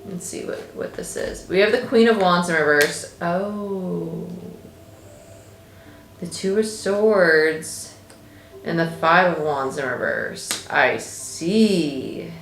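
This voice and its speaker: A woman's voice: lowish voice, takes it slowly, reverberant, a little hiss or hum. Chatty woman doing a tarot reading. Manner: chatty, animated, thinks aloud. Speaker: tarot reader.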